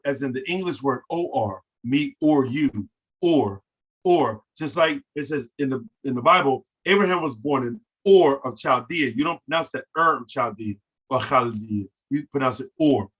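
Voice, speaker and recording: A man teaching a casual language lesson, who repeats words slowly and overstresses sounds for learners to copy. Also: a little high, a bit bright, slightly rough.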